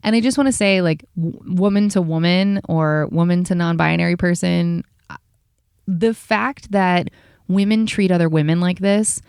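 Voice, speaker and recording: A woman with a lowish voice pours out a heated, profane rant as a podcast host, talking fast. She sounds tired after a long day. The recording is dry and close, with no room sound. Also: steady tone, darkish tone, smooth, no echo. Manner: heated, profane, rapid-fire venting.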